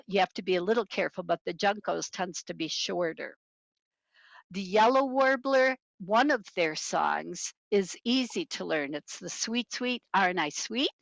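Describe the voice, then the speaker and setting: A woman's voice: mid-range voice, creaky, fairly bright tone, no echo. A woman giving an online birding talk from home over a video call, wearing headphones, with bird-song mnemonics sung in between. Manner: imitates bird songs with mnemonics. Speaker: birding presenter. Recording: dull lo-fi video call audio.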